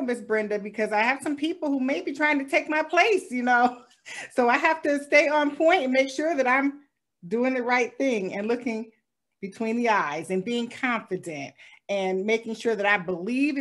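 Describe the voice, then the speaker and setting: Woman host, gracious and formal, moves the show from one speaker to the next. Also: fairly high pitch. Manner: warmly appreciative, introducing speakers formally. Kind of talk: hosting a talk show.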